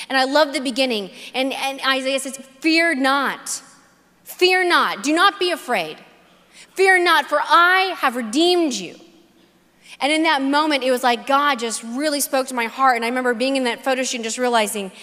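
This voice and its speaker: A woman speaks from a conference stage, her fairly high voice carrying a long hall reverb. She tells a personal faith story earnestly, repeats phrases for emphasis and acts out bits of dialogue. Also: fairly bright tone. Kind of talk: personal faith testimony talk.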